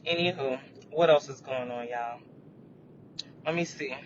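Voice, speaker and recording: A man hosting a casual live chat, rambling about current events and checking in with viewers with "you know what I mean". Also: a little slow. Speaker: livestream host. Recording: muffled lo-fi audio with faint rumble.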